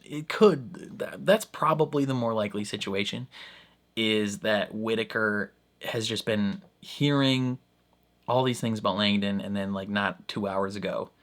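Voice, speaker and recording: A man's voice: lowish voice, unhurried. Young man rambling through a reaction. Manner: rambling, heavy on "like" and "I don't know", laughs often. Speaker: reaction video host. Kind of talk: casual commentary.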